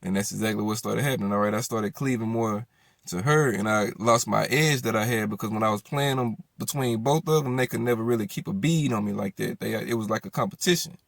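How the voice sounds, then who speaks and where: Guy with a gravelly voice ranting a story, dry close sound, swears a lot, plays both sides of the fight. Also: on the low side, brisk, no room sound. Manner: profane, animated retelling with quoted dialogue. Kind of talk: casual storytelling monologue.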